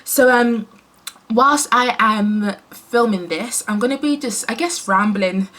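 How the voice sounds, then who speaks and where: A woman's voice: fairly high pitch, slow pace, fairly bright tone. A woman from the UK chatting casually while doing her hair, with many fillers and self-corrections. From United Kingdom. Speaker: hair vlogger. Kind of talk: casual rambling chat.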